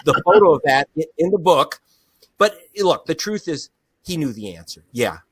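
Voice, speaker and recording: A man's voice: a little high, big pitch swings, moderate pace, fairly bright tone, husky, dry recording. A middle-aged man being interviewed as a journalist, talking with passion and indignation and laughing often. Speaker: investigative journalist, guest. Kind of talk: animated interview talk.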